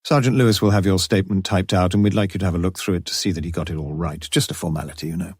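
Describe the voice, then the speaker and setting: A man voicing a shrewd, wry male police inspector in an audiobook, coaxing and quietly commanding. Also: deep voice, steady tone, rapid-fire, breathy edge, no echo, studio quality. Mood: brisk. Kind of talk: audiobook character voice.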